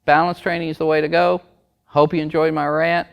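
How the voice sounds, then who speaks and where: A man's voice: a little high, little pitch movement, fairly quick, gravelly, smooth, highs cut off. A man, a dog trainer, ranting to camera in a blunt, emphatic, preachy way. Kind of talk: opinion rant to camera.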